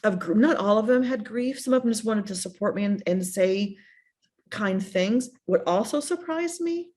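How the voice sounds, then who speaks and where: A middle-aged woman speaks earnestly as a guest about losing her son. Her voice sits at an ordinary middle pitch, and she circles back and repeats phrases as she recounts messages people sent her. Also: animated, normal speed, a little mellow. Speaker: guest, bereaved mother. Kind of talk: emotional personal storytelling.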